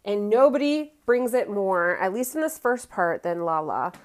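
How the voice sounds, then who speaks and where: A woman's voice: mid-range voice, big pitch swings, moderate pace. A woman recapping a reality TV reunion in casual chat, opinionated and full of fillers. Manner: chatty, opinionated, many fillers like "um" and "you know".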